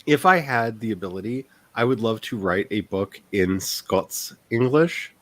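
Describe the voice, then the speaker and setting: A man's voice: lowish voice, animated, measured pace, fairly bright tone. A man who writes books, hosting a casual stream chat in a rambling, self-deprecating way and laughing often.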